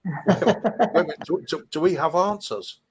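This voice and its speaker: A man on a comedy panel show, joking around with quick quips. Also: high voice, slight background noise. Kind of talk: casual banter.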